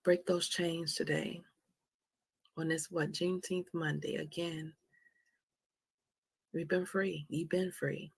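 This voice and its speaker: Woman w/ southern american touch, slow gravelly voice, soft prayerful talk that drops to whispers. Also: sits low, flat delivery, dry recording. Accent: American, Southern country touch. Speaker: livestream host. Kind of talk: motivational livestream talk.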